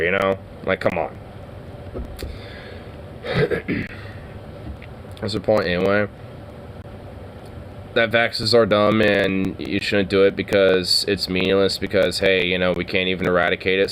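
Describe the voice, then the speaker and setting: Slow, rambling man reacting with swearing. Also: on the low side, a bit bright, a little hiss or hum. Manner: rambling, swears a lot, laughs often. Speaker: streamer reacting to clips. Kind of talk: casual commentary.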